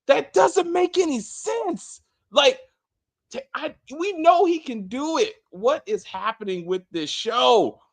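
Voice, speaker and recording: A man's voice: very high-pitched, animated, takes it slowly. A man co-hosting a casual TV spoiler review, ranting emphatically with plenty of profanity. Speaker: co-host of a TV review show.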